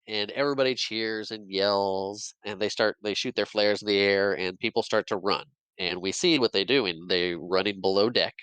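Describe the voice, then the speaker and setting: A man's voice: on the low side, fairly even intonation, normal speed, few pauses, pushed and bright, clean tone, no echo, poor audio. A man on a podcast casually retelling a movie plot, jumping into quoted lines and laughing often. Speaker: podcast co-host recapping a movie. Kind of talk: casual chat.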